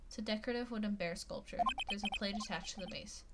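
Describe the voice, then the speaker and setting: A woman's voice: mid-range voice, quick pace, very noisy. Wry woman reading game dialogue. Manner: wry, deadpan inner monologue. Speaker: let's-play narrator.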